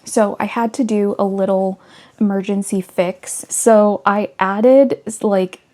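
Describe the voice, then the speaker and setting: A woman's voice: mid-range voice, steady tone, takes it slowly, dark tone. A woman vlogger talking casually and earnestly through her crafting progress. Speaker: crochet vlogger. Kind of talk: casual vlog voice-over.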